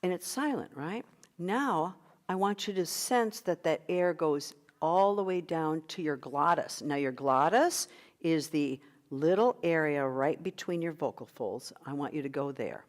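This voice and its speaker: A woman's voice: deep voice, expressive, measured pace. A middle-aged woman leading an online vocal workshop as a coach, guiding breathing exercises in an encouraging manner. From United States.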